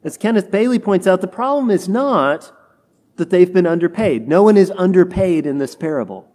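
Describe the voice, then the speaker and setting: Preacher, male, high-pitched, delivers a homily and acts out quoted complaints. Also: expressive, moderate pace, darkish tone. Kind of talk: sermon.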